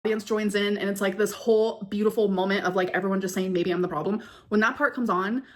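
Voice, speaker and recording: A woman streamer talks casually, rambling from thought to thought with plenty of fillers. Her voice sits at a middle pitch. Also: fairly even intonation, fast talker. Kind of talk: casual chat.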